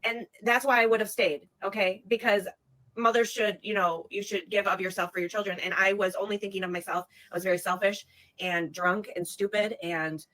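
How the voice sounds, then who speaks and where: A woman's voice: mid-range voice, fairly even intonation, brisk, a bit bright, low-quality recording. A woman in a confessional social video, rambling, swearing and restarting as she talks about her mistakes.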